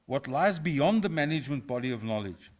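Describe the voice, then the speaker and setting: A man's voice: medium pitch, expressive. Middle-aged man giving a formal lecture. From South Africa. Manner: measured, reflective, lightly humorous. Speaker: professor. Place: university auditorium.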